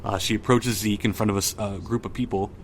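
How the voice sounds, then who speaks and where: A young man with a fairly low voice hosts a laid-back pop culture podcast. He talks in an easygoing way, full of ums and likes. He often stops to read scenes aloud, with a faint hiss in the background. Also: fast talker. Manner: relaxed, reads film lines aloud, frequent fillers. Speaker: podcast host. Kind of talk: casual pop culture chat.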